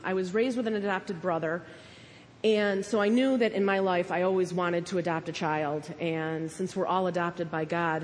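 A woman's voice: lowish voice, big-room sound, slight background noise. A young woman sharing a personal testimony in church, earnest and emotional.

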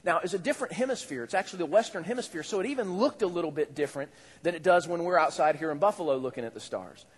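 A male pastor preaching a sermon in a conversational, animated way, with rising exclamations. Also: a little high, rapid-fire, husky. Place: church hall. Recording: echoey church hall.

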